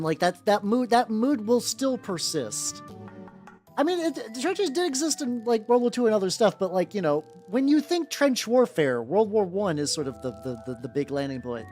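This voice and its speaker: A male streamer paints miniatures while chatting casually with viewers on a livestream, his voice sitting high. He's animated and rambling, halting often with many restarts and fillers. Faint music plays in the background.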